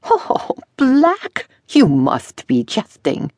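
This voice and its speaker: A woman's voice: on the low side, wildly swooping pitch, slow, a little mellow, slightly rough, no echo, pitched above the performer's own voice, heavily acted. A woman voicing a fussy, flamboyant middle-aged male dressmaker in an audiobook, with a theatrical, gushing manner.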